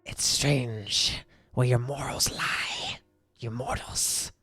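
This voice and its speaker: Male GM doing a threatening ancient serpent monster: whispered role-play, husky and slow, dry close mic. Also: medium pitch, wildly swooping pitch, bright, forceful tone, dry recording, faint music behind, exaggerated voice.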